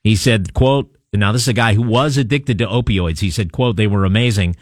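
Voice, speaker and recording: A man's voice: on the low side, a little fast, no room sound, clean studio sound. A man hosting a talk radio show, reading a news story and taking texts with wry, chatty asides. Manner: conversational, wry asides, frequent uh fillers. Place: radio studio. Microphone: studio microphone.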